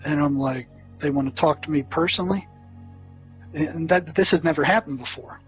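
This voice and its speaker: A man with a slightly raised voice recounts his years as a prison therapist. His telling is earnest and halting, full of restarts and fillers. Faint music plays underneath. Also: a little high, low-quality recording. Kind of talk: storytelling recollection.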